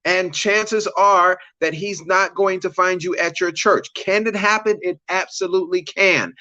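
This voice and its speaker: A man's voice: on the high side, bright, forceful tone, no room sound. A man hosting a live relationship-coaching chat, greeting viewers by name between preacherly points and slangy asides. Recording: dull lo-fi dry sound.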